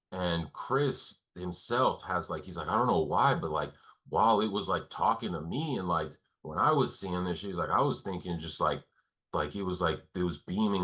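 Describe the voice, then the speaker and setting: A man's voice: deep voice, sharp tone, highs cut off. A young man casually retelling a story on a podcast, rambling with constant "like" fillers and casual swearing. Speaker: podcast host.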